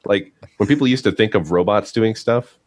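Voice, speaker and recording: A man's voice: fairly low pitch, normal speed. A man co-hosting a casual podcast chat, loose and swearing freely. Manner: loose, swears, laughs easily.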